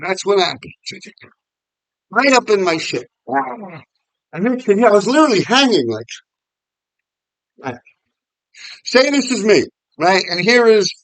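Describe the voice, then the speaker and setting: Vlogger, fairly high voice, casual profane storytelling, dry close sound. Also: male voice, no room sound, rough recording. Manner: animated, profane, laughs often.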